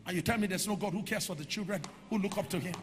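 A man preaching a sermon in a church hall, moving from quiet storytelling to shouted, sing-song declarations. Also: high-pitched, racing. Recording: echoey hall with music behind.

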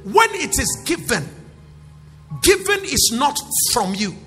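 A male pastor preaching a sermon in call-and-response style, rising to shouts. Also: very high-pitched, very animated, slow pace. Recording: echoey hall with faint music.

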